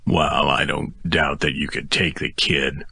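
A man voicing a stern older man in an audiobook, snapping and growling low. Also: level tone, unhurried, gravelly, sharp tone, husky, no echo, heavily acted.

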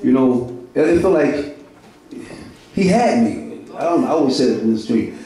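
A man's voice: medium pitch, expressive, moderate pace, dark tone. A middle-aged man, giving an emotional church testimony full of repetition and street slang. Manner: repetitive, heartfelt, street slang, laughing through it. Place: large echoey church hall. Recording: echoey hall from far off.

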